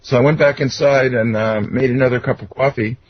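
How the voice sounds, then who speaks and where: Rambling male guest telling stories, slightly husky voice, dull dry recording. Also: mid-range voice, steady tone, a little fast. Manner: rambling, anecdotal, many fillers and restarts. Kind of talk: casual storytelling interview. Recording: dull lo-fi sound.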